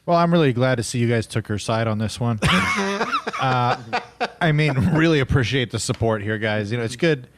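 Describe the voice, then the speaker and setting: A man's voice: mid-range voice, brisk, a little hiss or hum. A man co-hosting a podcast, chatting casually with a sarcastic, joking manner. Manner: sarcastic, laughing, lively. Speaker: podcast co-host. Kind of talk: casual comedy chat.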